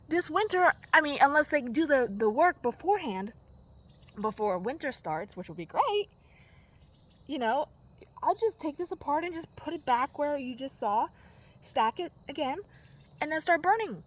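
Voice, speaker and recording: A woman with a slightly high voice vlogs casually from her backyard garden at dusk, recording on a handheld phone as she walks around. Her talk rambles, drifting between quiet, soft-spoken musing and loud, exasperated venting. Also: sing-song, moderate pace. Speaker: vlogger.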